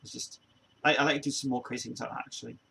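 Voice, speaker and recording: Rambling man with a gravelly voice. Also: mid-range voice, fairly even intonation, rapid-fire, bright, forceful tone, slight background noise. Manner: rambling, many restarts, laughs often. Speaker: show host. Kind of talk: casual chat.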